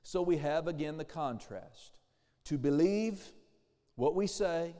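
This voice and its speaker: A man's voice: on the high side, mellow, in a large hall. A man pastor preaching a sermon, calling for amens and acting out the voices he quotes.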